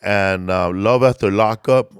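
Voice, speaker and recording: A man's voice: on the low side, measured pace, smooth, no room sound, clean studio sound. A man co-hosting a casual TV podcast, blunt and joking, with some swearing. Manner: blunt, profane, jokey. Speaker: podcast co-host. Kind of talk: casual chat.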